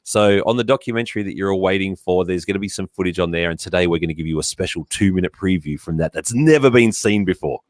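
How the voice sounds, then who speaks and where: A man's voice: low-pitched, fast talker, few pauses, no room sound, clean studio sound. An Australian man hosting a casual live-stream chat, talkative and often laughing. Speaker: host.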